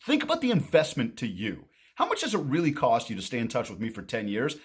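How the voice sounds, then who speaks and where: Fast-talking husky man telling a story. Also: medium pitch. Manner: animated, acts out both sides of a conversation. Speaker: marketing coach. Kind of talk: casual storytelling to camera.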